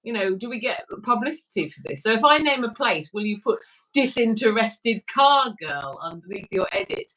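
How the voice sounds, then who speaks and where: A woman's voice: medium pitch, expressive, pushed and bright. A woman co-hosting a casual live stream, bubbly and playful, chatting with viewers and friends. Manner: bubbly, playful, quick to laugh. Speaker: livestream co-host.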